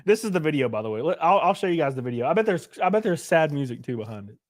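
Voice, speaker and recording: A male streamer in a casual live-stream rant, blunt and profane, who reads chat aloud between points. His voice sits a little high for a man and swings widely in pitch. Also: very animated, racing. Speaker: streamer host.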